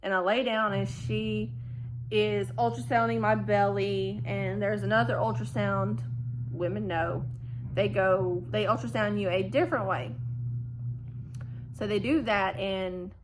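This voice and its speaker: A woman's voice: mid-range voice, a little slow, a little hiss or hum. A woman, telling a family vlog storytime and acting out the people in it. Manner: animated retelling, acting out quoted dialogue. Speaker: family vlogger. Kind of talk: storytime recounting a hospital stay.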